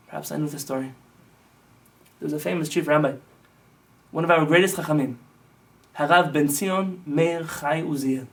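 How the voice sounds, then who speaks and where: A man's voice: on the high side, steady tone, brisk, distant mic. A male rabbi giving a sermon-like teaching, telling stories with impassioned, emphatic build-ups. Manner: impassioned storytelling that swells into emphatic lists.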